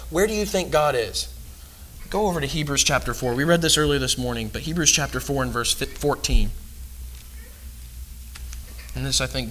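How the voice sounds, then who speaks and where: Male preacher, fairly high voice, earnest sermon, hushed asides between loud emphasis. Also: low-quality recording.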